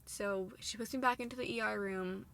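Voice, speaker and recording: A young woman in her twenties telling a personal story in a long, run-on way, full of "like", her voice going soft at hard moments. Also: medium pitch, fairly even intonation, normal speed, gravelly. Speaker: vlogger sharing a personal story.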